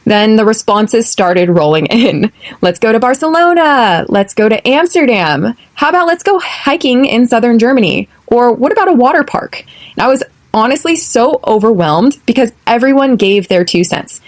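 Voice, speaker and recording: A young American woman from California, hosting an English lesson podcast and speaking clearly and deliberately, slowing down for drills. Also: on the high side, lively intonation. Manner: clear, deliberate, slows for repeat-after-me drills. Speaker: podcast host, English teacher.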